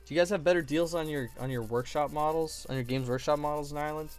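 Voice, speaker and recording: A man's voice: fairly high pitch, steady tone, fast talker, soft background music. A man live streaming while building models, chatting casually in a playful, joking and often profane way.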